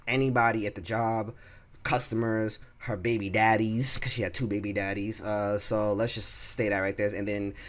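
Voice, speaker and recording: A young man telling a casual storytime vlog, rambling and animated, acting out what others said. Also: fairly low pitch, moderate pace. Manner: rambling, animated, acts out coworkers' lines. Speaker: vlogger.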